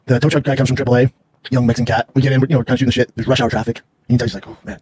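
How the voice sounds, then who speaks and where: A man in his thirties from Denver, casually telling a long rambling story as a podcast host, with a husky voice and loose profane manner. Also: medium pitch, flat delivery, rapid-fire, darkish tone, slight background noise. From Denver, USA.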